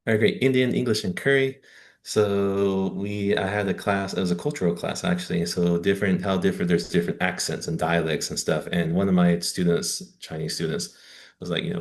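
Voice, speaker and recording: Deep gravelly Southern American man. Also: fairly even intonation, normal speed. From Southern United States. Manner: casual, chatty with wry asides. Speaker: teacher trainer. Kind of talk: lecture over slides.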